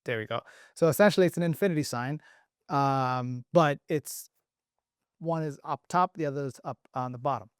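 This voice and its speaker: Playful man teaching letter shapes, clear voice. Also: on the high side, normal speed, dry recording, clean studio sound. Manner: playful, joking, thinking aloud. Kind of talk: casual online lesson.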